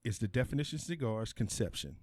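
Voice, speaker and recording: A man's voice: mid-range voice, animated, brisk, no room sound, clean studio sound. A man co-hosting a podcast, easygoing and slangy, laughing often. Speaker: podcast co-host. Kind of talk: casual chat. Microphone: podcast mic in a small studio shed.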